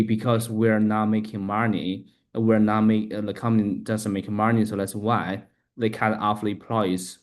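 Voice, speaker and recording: A man learning English, talking haltingly, restarting sentences and spelling words letter by letter. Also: fairly low pitch. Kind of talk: casual practice conversation.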